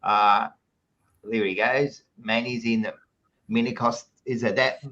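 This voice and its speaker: A man's voice: medium pitch, fairly even intonation, slow, bright, forceful tone, highs cut off. An Australian man hosting a podcast, chatting casually and reading out live chat messages with jokey, blokey banter, calling everyone mate. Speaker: podcast host.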